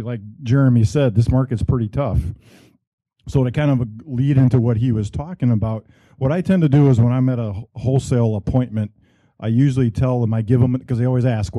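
A middle-aged man, a real estate broker, pitching his services at a meetup in a plainspoken way, often correcting himself. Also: dark tone, no echo. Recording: dull lo-fi room audio.

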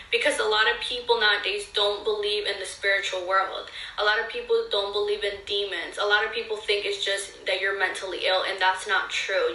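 A woman's voice: medium pitch, sharp tone, distant mic. Earnest young woman telling a story to her viewers. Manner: casual, earnest, addresses viewers directly, many fillers. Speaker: vlogger. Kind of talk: personal testimony storytelling. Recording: echoey room, voice a bit off-mic.

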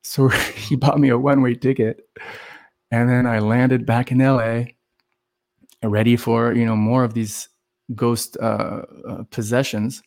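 Male guest from Los Angeles, animated storyteller who acts out quotes and leans on fillers. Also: medium pitch, unhurried, creaky. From Los Angeles, USA. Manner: animated, acts out quoted voices, heavy "like" and "you know" fillers. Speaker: podcast guest. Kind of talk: conversational storytelling.

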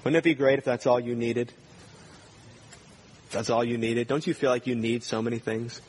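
A man's voice: medium pitch, steady tone, normal speed, darkish tone, slight background noise. A male pastor preaching a sermon in a church, earnestly putting pointed questions to his congregation.

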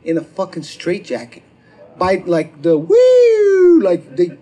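High-voiced man telling a stand-up story. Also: slow pace. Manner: profane, animated, acts out quotes with shouts. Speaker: stand-up comedian. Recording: live crowd laughter. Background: audience laughter.

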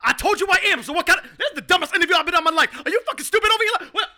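A man doing an impression of a loud, indignant male sports pundit on a comedy podcast. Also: very high-pitched, lively intonation, heavily acted. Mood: outraged ranting. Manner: ranting, shouting, fast and outraged.

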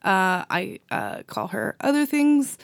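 A woman's voice: mid-range voice, animated, slow, vocal fry, dry recording, clean studio sound. A woman co-hosting a podcast, talking in a rambling, enthusiastic way with frequent laughs. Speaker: podcast co-host. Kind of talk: casual chat.

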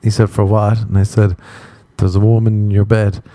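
A man's voice: on the low side, flat delivery, normal speed, warm tone, dry recording. A man hosting a podcast, telling crude, rambling stories and acting out the quotes in a casual comic monologue. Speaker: podcast host.

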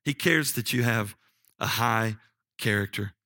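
A man preaching a sermon, telling a personal story and rising in pitch for emphasis. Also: unhurried, no echo, clean studio sound. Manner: animated, jumps up in pitch for emphasis.

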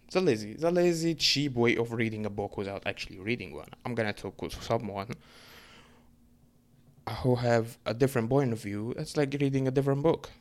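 Man, young adult, casual storytelling rant, profane, filler-heavy, rambling. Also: medium pitch. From Egypt. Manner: profane, rambling, fast bursts with many fillers.

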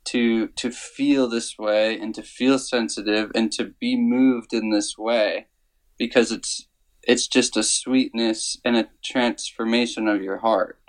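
A man speaking as an interview guest, telling a personal story slowly and earnestly, with many pauses and fillers. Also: medium pitch, steady tone, low-quality recording. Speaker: worship songwriter guest.

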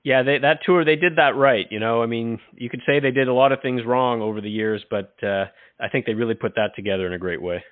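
A man's voice: mid-range voice, no room sound. Male host, conversational, dry telephone-quality audio. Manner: supportive, quick reactions and questions. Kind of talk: casual chat.

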